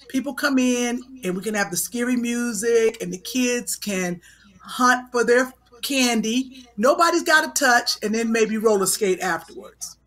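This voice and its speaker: A woman's voice: on the high side, a bit bright. A middle-aged woman co-hosting a comedy podcast, teasing her partner and rambling through plans in casual chat. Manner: teasing, talkative, rambling planning. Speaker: podcast co-host.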